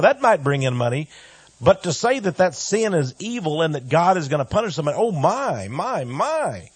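A man preaching a radio sermon with great emphasis, dropping to soft asides and rising to loud cries, sometimes mimicking his critics in mocking voices. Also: medium pitch, slightly rough, no echo.

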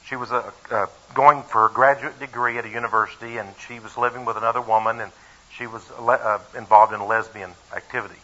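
A man's voice: medium pitch, steady tone, quick pace, pushed and bright. A man preaching a sermon before a live congregation, reading scripture and telling a personal story, emphatic and fond of rhetorical questions and repeated phrases. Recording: dull lo-fi recording.

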